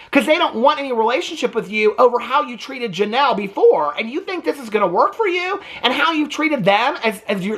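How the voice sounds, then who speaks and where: A man hosting a casual TV recap vlog, sassy, gossipy and profane, in an animated delivery. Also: extremely high pitch, slightly rough. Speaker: host.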